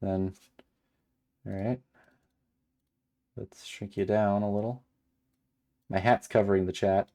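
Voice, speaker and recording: Low-voiced male streamer narrating a game aloud, quick to break into exasperated commentary. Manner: animated, exasperated asides. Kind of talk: reading a visual novel aloud with live commentary.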